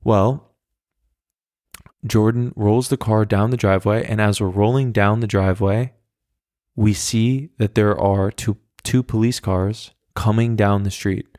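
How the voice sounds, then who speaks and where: Low, flat-voiced young man telling a story. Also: a little slow, no echo, studio quality. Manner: rambling, profane, wry. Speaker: podcast host. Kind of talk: casual storytelling monologue.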